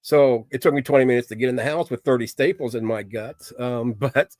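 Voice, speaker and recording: A man's voice: mid-range voice, steady tone, brisk, hardly any pauses, darkish tone, dry recording. A middle-aged man hosting a casual livestream, talking candidly with viewers in a rambling, plain-spoken way. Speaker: livestream host chatting with viewers.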